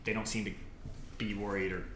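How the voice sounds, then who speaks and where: Bright-voiced man running a tabletop game. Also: fairly low pitch, level tone, brisk. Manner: rambling, lots of fillers and laughs. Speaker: game master. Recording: echoey room with faint noise.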